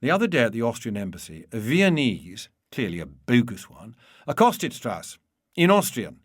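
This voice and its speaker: A man reading a humorous memoir aloud in a wry, measured storytelling manner. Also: mid-range voice, wildly swooping pitch, no echo, clean studio sound. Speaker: narrator. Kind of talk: audiobook reading.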